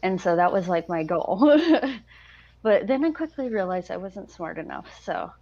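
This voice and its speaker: A woman's voice: medium pitch, wildly swooping pitch, a little slow, vocal fry, dark tone. A woman veteran on a casual panel, talking about her past in a rambling, self-deprecating way. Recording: lo-fi dull sound.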